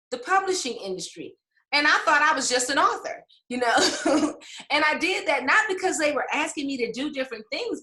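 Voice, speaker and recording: Bright-voiced woman author in echoey room. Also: high-pitched. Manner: warm, emotional, laughs often, many fillers. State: tearful at times. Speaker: author and English professor. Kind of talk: interview storytelling.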